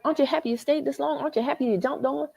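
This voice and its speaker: A woman with a Southern American accent hosting a livestream, talking straight to her viewers in a worked-up, animated way from a hotel lobby. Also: high voice, rapid-fire, creaky. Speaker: livestream host. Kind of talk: animated live chat reading comments.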